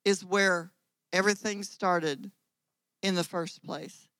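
A woman's voice: fairly low pitch, fairly even intonation, slow, a bit bright, clear, resonant tone, no echo, poor audio. A woman preacher giving a sermon, driving points home with repeated phrases and rising volume.

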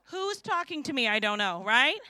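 Bright, high-voiced woman preaching. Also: normal speed, dry recording, studio quality. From St. Louis, USA. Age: 50s. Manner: lively, joking, asks the crowd questions. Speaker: preacher and kindergarten teacher. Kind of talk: sermon.

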